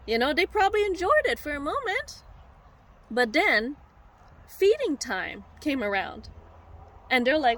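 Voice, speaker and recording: A woman preacher telling a story in a sermon, animated and heartfelt, speaking straight to her listeners. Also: high-pitched, measured pace, pauses often, slight background noise.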